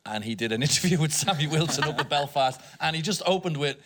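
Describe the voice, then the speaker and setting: A man's voice: a little high, expressive, quick pace, a bit bright. A man on a comedy panel, chatting and stumbling through a funny story. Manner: chatty, stumbling, laughs between lines. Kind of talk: casual comic banter.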